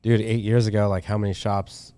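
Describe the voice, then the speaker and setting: A man's voice: fairly low pitch, level tone, brisk, dark tone, smooth, no echo. A young man, a tattoo artist, chatting loosely on a podcast with lots of slang, swearing and filler words. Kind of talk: casual podcast chat.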